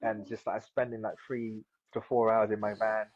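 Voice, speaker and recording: Casting: husky, low-voiced man in his 30s from South London, fast rambling chat, muffled lo-fi recording. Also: little pitch movement. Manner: rambling, many fillers and restarts. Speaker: guest, seaweed farmer. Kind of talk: casual interview chat. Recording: dull lo-fi sound.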